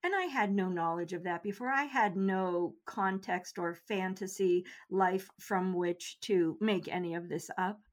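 A woman's voice: mid-range voice, unhurried, few pauses. Earnest middle-aged woman telling her story. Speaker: guest. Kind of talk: interview storytelling.

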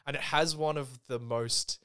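A man's voice: mid-range voice, fairly even intonation, moderate pace, fairly bright tone, clear, resonant tone. A man, chatting casually about movies, laughing and swearing as he rambles. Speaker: podcast co-host. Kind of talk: casual chat reviewing movies.

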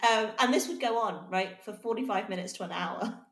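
Co-host: English woman, animated storyteller, roomy echoey sound. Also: medium pitch, a little fast. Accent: neutral southern English. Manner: lively, animated storytelling, frequent laughter. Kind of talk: casual chat.

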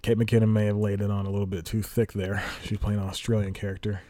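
A man's voice: lowish voice, little pitch movement, fast, warm tone, dry recording. A young man hosting a solo podcast, chatting casually and rambling, correcting himself and chuckling as he goes. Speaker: podcast host.

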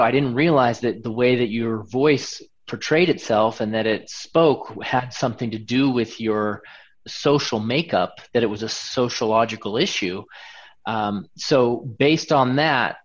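A male show host asking a guest questions, often restarting them as he goes. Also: medium pitch. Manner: inquisitive, restarts his questions. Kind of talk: interview questions. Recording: dull lo-fi audio.

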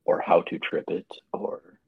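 A man's voice: measured pace, no room sound, phone-quality sound. A man playing in a tabletop game, talking casually and with some hesitation. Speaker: player.

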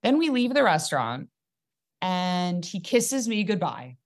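A young woman comedian chatting casually on a podcast, her voice on the lower side. She tells stories in an animated, joking way, with quick asides and punchlines. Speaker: comedian guest. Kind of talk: casual storytelling chat.

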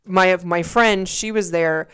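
A woman with a smooth, somewhat low voice co-hosts a casual podcast. She tells stories in an animated way, playing out what people said. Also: slow. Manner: animated storytelling, acts out quotes, swears freely. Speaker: podcast co-host. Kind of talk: casual chat.

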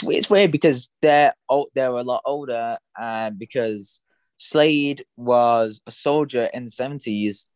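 A man's voice: medium pitch, no echo. A young man co-hosting a podcast, talking casually about comics with many fillers and restarts. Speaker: podcast co-host. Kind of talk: casual chat.

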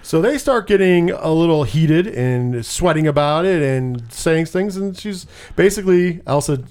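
This podcast co-host's movie recap is loose and rambling, full of free swearing and performed character dialogue. He speaks at a measured pace in an expressive, somewhat high voice with a darkish tone.

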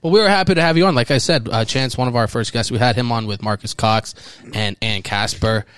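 A man's voice: mid-range voice, fairly quick, a bit bright, smooth, no echo, studio quality. A man hosting a podcast in casual chat, joking and laughing at himself. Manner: joking, self-mocking, laughs often. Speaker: podcast host.

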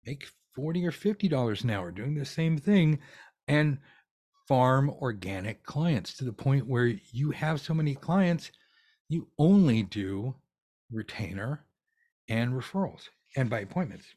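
A man's voice: medium pitch, very animated, a little slow, a little mellow. Blunt, profane man coaching tarot readers. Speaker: tarot teacher. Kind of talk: ranty casual coaching monologue.

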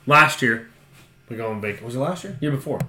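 A man's voice: mid-range voice, lively intonation, a little fast, bright, forceful tone, reverberant. A man with an Ohio accent, a podcast co-host telling a long story in casual, profane chat and laughing often.

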